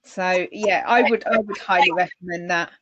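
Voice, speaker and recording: A woman's voice: fairly low pitch, fairly even intonation, normal speed, fairly bright tone, dry recording, muffled recording. A woman with a Northern English accent co-hosting a casual chat, enthusiastic and eager to recommend things. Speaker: podcast co-host.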